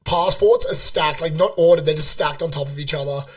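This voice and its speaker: A young Australian man co-hosting a podcast. He tells animated stories in a loose, swearing style, and his voice sits a little high for a man. He sounds slightly away from the mic. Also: brisk, recorded from a distance. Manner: swears constantly, animated storytelling. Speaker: podcast co-host. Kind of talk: casual chat.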